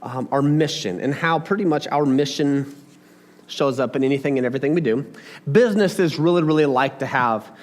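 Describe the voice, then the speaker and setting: A man of medium pitch and moderate pace gives a relaxed, chatty sermon. He speaks directly to his congregation with animation, dropping in asides and questions.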